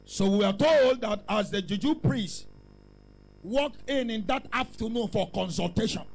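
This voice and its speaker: A male pastor with a Nigerian accent preaching loudly, mixing in pidgin asides and calling out to the congregation. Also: sits high, measured pace, poor audio. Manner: shouting, call-and-response preaching with pidgin asides. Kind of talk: preaching sermon.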